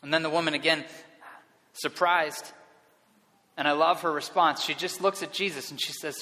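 A man's voice: a little high, steady tone, brisk, pushed and bright. Earnest male pastor in a reverberant hall. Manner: earnest, repeats words as he restarts. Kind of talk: sermon.

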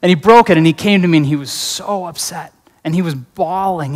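A man's voice: a little high, moderate pace. A man preaching a sermon in an earnest, conversational way, weaving in personal stories. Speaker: pastor. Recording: reverberant hall.

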